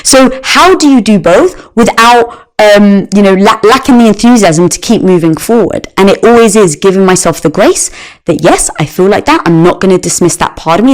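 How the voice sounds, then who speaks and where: A middle-aged woman sharing a personal story on a podcast, her pitch swinging widely as she talks. She gets animated and acts out the voices in her tale. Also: rough recording. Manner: animated, acts out quoted dialogue. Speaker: guest. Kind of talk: conversational storytelling.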